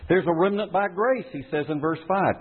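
A man's voice: high-pitched, fairly quick, slightly rough. A man preaching a sermon, reading scripture and driving his points home with emphatic, rising lines. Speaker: pastor. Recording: tinny phone-like sound.

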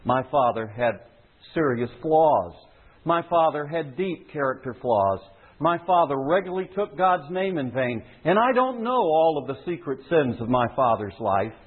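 Husky-voiced preacher on a thin line. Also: male voice, fairly high pitch, very animated, normal speed. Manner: earnest, emphatic. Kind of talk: sermon. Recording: tinny phone-like sound.

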